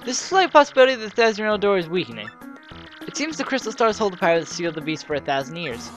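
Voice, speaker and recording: A woman's voice: medium pitch, rapid-fire, soft background music, close to an everyday voice. Woman reading as a lore-explaining scholar. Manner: steady read-aloud delivery. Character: earnest male scholar explaining ancient lore. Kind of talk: reading game dialogue aloud in character.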